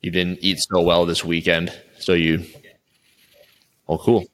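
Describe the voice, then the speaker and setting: Low-voiced male coach, loose conversational interviewer who trails off and restarts. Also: flat delivery, unhurried, fairly bright tone. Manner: rambling, with frequent restarts. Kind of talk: casual interview chat.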